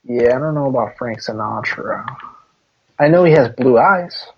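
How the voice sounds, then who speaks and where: A man's voice: mid-range voice, expressive, moderate pace, a little mellow, a little hiss or hum. A man co-hosting a podcast in casual chat, teasing and laughing often. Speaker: podcast co-host. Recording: dull lo-fi recording.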